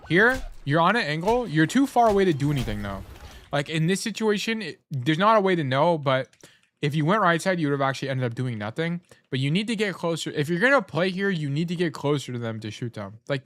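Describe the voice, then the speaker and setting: A man's voice: a little high, very animated, fairly quick, a bit bright, no echo. Blunt, profane male game coach. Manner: blunt, swears freely, corrects himself often; talks while eating. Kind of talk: casual gameplay review coaching.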